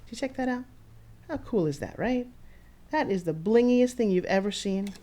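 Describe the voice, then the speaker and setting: A woman in her fifties giving a casual walking tour of her studio, excitable and showy, talking straight to the camera. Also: mid-range voice, moderate pace. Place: her own studio and offices, indoors.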